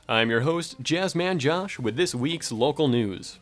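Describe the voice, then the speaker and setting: A man's voice: a little high, animated, measured pace, fairly bright tone, faint music behind. A young man reading local campus news on student radio in a cheerful, announcer-like way. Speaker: news presenter. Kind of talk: scripted radio news read. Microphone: studio mic.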